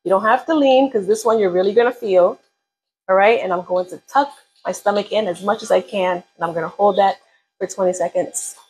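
A woman's voice: medium pitch, brisk, a little mellow, breathy edge, rough recording. A woman leading a live beginner workout, coaching casually and encouragingly while counting down reps. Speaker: fitness instructor.

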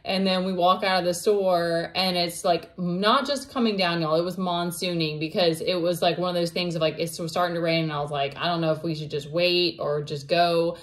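A woman's voice: on the low side, steady tone, normal speed, few pauses. A woman, telling a personal story in a casual vlog, rambling with many fillers and restarts. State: emotional, near tears at times. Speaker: vlogger.

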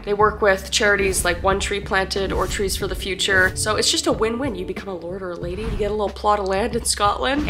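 A woman YouTuber in a casual vlog and sponsor read, bubbly and giggly, her voice hoarse from being sick, recorded in a hotel room. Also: mid-range voice, pushed and bright.

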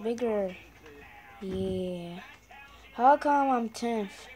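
Slow-talking gamer girl over game music. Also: mid-range voice, low-quality recording. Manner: chatty running commentary, often apologizing to viewers. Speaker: gaming channel host. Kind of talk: casual gameplay commentary.

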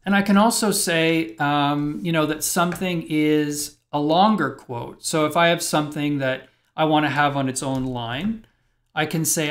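A man's voice: fairly high pitch, steady tone, moderate pace. A man teaching web programming in a screencast lecture, thinking aloud and explaining step by step as he types.

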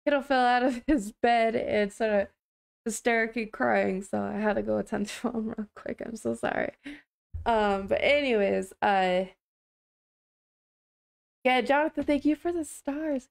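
A woman's voice: on the high side, steady tone, moderate pace, vocal fry. A young woman livestreaming, chatting casually with viewers on a headset mic, apologetic and laughing often.

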